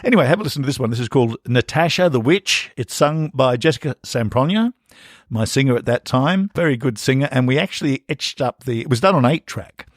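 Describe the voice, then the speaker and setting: A man's voice: medium pitch, lively intonation, brisk, no room sound, studio quality. An older man, hosting and chatting casually about his musical in a rambling, jokey way. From born in England, raised in Australia. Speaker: podcast host and composer. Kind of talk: casual spoken commentary.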